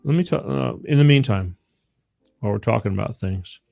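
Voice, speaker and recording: A man's voice: medium pitch, animated, a little fast, gravelly, warm tone. A middle-aged man hosting a call-in show, chatting casually and rambling, with frequent laughs and repeats. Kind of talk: casual call-in radio chat.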